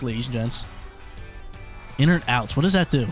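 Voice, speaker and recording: Excitable man commentating a game battle. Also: mid-range voice, normal speed, faint music behind. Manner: excitable, chatty, thinks out loud. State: coughing, throat irritated. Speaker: gaming channel host.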